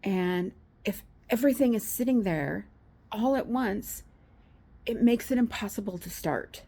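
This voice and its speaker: Woman vlogging to her camera, gravelly voice, rambly and heartfelt. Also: medium pitch, animated, measured pace, warm tone. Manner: heartfelt and rambling, tearful at times. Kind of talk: casual vlog to camera.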